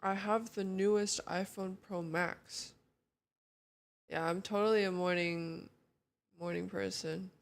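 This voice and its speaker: Sleepy young woman, gravelly slow chat. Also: mid-range voice. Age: young adult. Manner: greets chat viewers one by one, relaxed and chatty. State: sleepy morning voice. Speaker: streamer. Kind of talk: casual chat.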